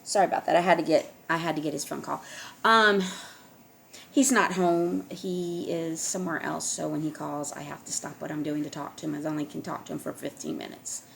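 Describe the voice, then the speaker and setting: A middle-aged woman hosting online videos speaks straight to her viewers in a casual monologue, insistent and pressing her points with repeated checks like "all right?". Her voice is low-pitched, fairly quick and a bit bright, with vocal fry and fairly even intonation. Slight background noise is present.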